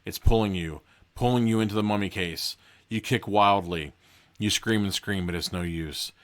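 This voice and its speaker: Low-voiced man reading a book aloud. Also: normal speed, a bit bright. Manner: reads casually, breaking off for joking asides. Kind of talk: casual read-aloud with commentary.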